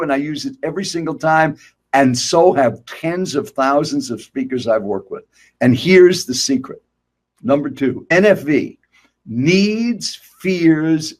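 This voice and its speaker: An older man with a fairly high voice gives a speaking masterclass. He drives his points home with emphatic rhetorical questions and speaks straight to the listener. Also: darkish tone. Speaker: guest speaker. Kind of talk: motivational speaking coaching.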